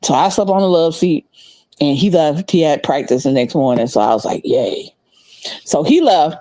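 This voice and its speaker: Animated middle-aged woman telling a story. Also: low-pitched, moderate pace, dry recording. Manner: animated, laughing, acts out voices. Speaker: podcast co-host. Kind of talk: casual storytelling chat.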